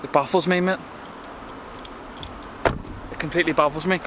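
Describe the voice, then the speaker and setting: A man's voice: on the high side, steady tone, normal speed, background noise. Chatty Northern Irish man vlogging. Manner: chatty, swears a lot, calls the viewer mate. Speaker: fitness vlogger. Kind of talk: casual vlog chat. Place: outdoors after the gym, then at home.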